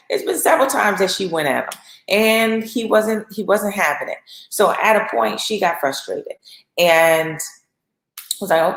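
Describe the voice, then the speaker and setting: A woman talks through a lesson like an informal sermon, chatty and animated as she acts out little asides. Her voice sits on the low side. The room around her is noticeably echoey. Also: measured pace. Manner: conversational, animated storytelling with acted asides. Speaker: host and speaker. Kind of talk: informal sermon-style teaching.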